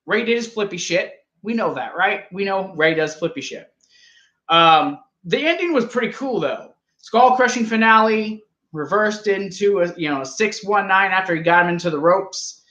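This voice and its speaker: A man's voice: high-pitched, animated, moderate pace, pushed and bright, roomy sound, highs cut off. A man co-hosting a casual wrestling review show, talking loosely and swearing offhandedly. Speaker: podcast co-host.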